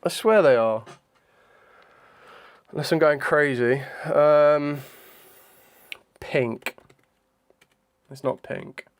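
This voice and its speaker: Young male streamer, slightly high voice, slow hesitant delivery, casual think-aloud chat. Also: smooth. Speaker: live streamer. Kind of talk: casual live-stream chat during a trivia quiz.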